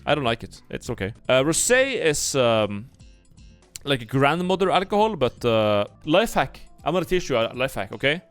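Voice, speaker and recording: A man's voice: mid-range voice, very animated, normal speed, a bit bright, clean tone. A young man streaming casual commentary, blunt and jokey, swearing freely as he thinks aloud. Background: faint background music.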